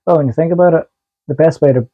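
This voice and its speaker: A man's voice: a little high, fast, narrow, tinny audio. A man co-hosting a podcast, talking in an easygoing, reflective way in a casual chat. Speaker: podcast co-host.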